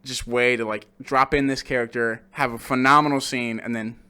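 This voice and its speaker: A man's voice: medium pitch, fairly even intonation, normal speed, sharp tone, clean tone. A man co-hosting a podcast, reviewing a film in casual chat, swearing freely and acting out lines from the movie. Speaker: podcast co-host.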